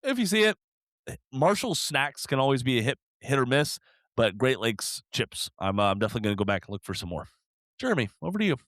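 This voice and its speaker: A man's voice: medium pitch, sing-song, fast talker, fairly bright tone, no room sound, studio quality. A man hosting a podcast, talking in a laid-back, hesitant way with lots of fillers. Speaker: podcast host. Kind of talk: casual chat.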